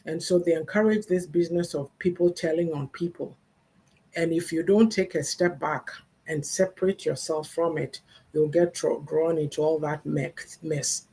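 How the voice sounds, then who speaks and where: Older woman, host of a live faith talk, husky, earnest and advising. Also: low-pitched, mellow. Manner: earnest, advising, acts out parents' sayings. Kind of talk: livestream talk on family and faith.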